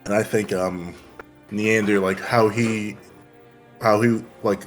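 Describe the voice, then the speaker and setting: A man's voice: fairly low pitch, steady tone, slow, faint music behind. A man playing a tabletop game, talking casually and rambling about his character. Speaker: player.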